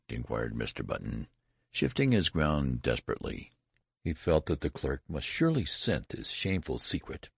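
Casting: deep, husky male storyteller, measured and wry, gravelly, animated delivery. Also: no echo, clean studio sound. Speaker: narrator. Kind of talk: storybook reading.

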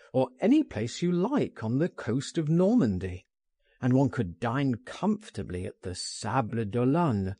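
A man narrating a first-person story as an audiobook in a measured, expressive manner. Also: medium pitch, no echo, studio quality.

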